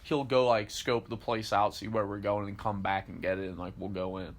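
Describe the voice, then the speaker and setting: A man's voice: on the low side, fairly quick. A young man, co-hosting a podcast and telling a story in casual chat, acting out the quotes and swearing freely. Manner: animated storyteller, acts out quotes, swears, laughs often. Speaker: podcast co-host.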